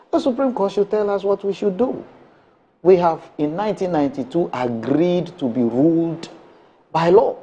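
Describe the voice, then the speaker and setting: A man's voice: a little high, gravelly, dark tone, husky. A man, a panelist on a morning talk show, arguing emphatically with repeated rhetorical questions. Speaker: political panelist. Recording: dull lo-fi broadcast sound.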